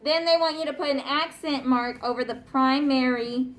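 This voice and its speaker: A woman's voice: high voice, normal speed. A woman teacher giving patient classroom instructions, often checking in with her students.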